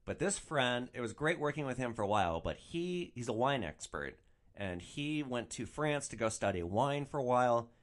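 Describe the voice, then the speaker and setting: A young man hosting a solo podcast, telling stories in an animated, ranting way and swearing freely. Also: mid-range voice, normal speed. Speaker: podcast host.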